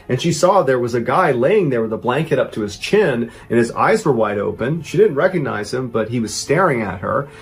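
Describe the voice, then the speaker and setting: A man telling a true crime story as host, with animated, dramatic emphasis. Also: medium pitch, slightly rough.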